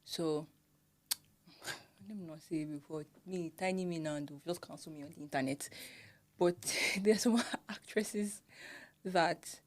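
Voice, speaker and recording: A young woman with a Nigerian accent chats casually as a podcast co-host, her voice sitting a little low. She gets animated, laughing often and acting out how others pronounce words. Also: a little slow. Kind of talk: casual chat.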